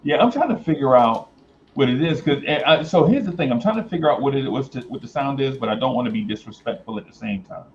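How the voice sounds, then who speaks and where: A man's voice: medium pitch, lively intonation, quick pace, a little mellow. Guy hosting, rambles and ums a lot, kinda muffled audio, light hiss. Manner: rambling, thinking aloud, many fillers. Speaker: host. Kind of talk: casual chat. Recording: slightly dull, faintly noisy.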